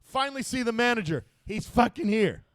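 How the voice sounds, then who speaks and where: A man hosting a podcast, telling a profane story loudly and acting out other people's voices. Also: very high voice, lively intonation, brisk, no echo. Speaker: podcast host. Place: podcast studio.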